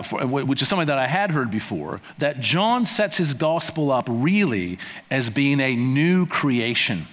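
A man preaching a conversational sermon, with playful asides and acted-out quotes. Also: mid-range voice. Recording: long hall reverb.

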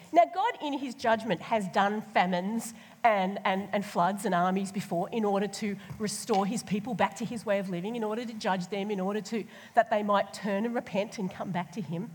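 A woman preaching a sermon, lively and colloquial, sometimes acting out the voices of the people she talks about. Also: medium pitch, normal speed, husky. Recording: long hall reverb.

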